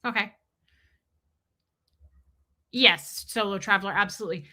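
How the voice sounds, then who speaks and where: A woman hosts a livestream, chatting casually, giggling, and reading viewers' comments out loud. Her voice sits at a medium pitch with a sharp edge, and she takes her time.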